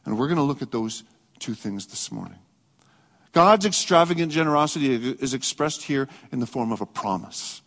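A man preaching a sermon as pastor, earnest, rising to emphatic peaks and dropping to soft reflective passages. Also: medium pitch, expressive, moderate pace. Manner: earnest, swings between raised emphatic and soft reflective delivery. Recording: long hall reverb.

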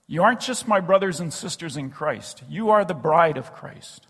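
Pastor guy preaching, slightly breathy voice, big echoey church hall. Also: fairly high pitch, lively intonation. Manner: earnest, slows and drops to a hush on key phrases. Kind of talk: sermon. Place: church sanctuary.

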